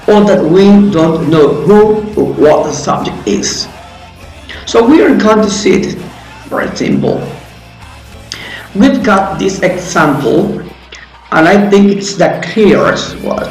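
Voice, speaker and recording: A man teaching an English grammar lesson, explaining step by step in a friendly way with some phrasing. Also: high-pitched. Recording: roomy echo with faint music.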